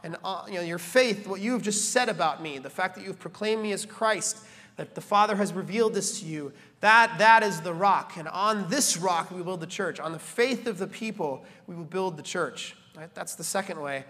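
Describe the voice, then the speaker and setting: A man preaching a sermon as a pastor, animated, building to emphatic peaks and slipping in joking asides. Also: high voice, fairly quick. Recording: reverberant church hall.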